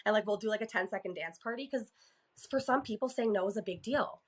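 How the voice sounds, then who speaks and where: A woman's voice: mid-range voice, fast. A woman from Canada, a therapist and podcast guest, talking candidly in casual conversation, swearing freely and acting out exchanges with her clients.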